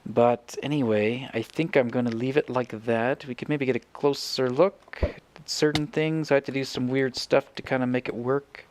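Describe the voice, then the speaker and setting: A man's voice: mid-range voice, fairly even intonation, normal speed, a little hiss or hum. Guy narrating his minecraft build, rambly, keeps correcting himself, average voice. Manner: rambling, self-correcting, thinks aloud. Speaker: Minecraft let's player. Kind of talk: casual gameplay commentary.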